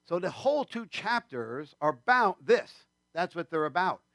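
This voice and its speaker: A male pastor gives a loose, conversational sermon, full of fillers and side remarks. His voice sits fairly high for a man. The sound is close and dry, with little room echo. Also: big pitch swings, moderate pace, fairly bright tone. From New York State. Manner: conversational and rambling, with many fillers and asides. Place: church.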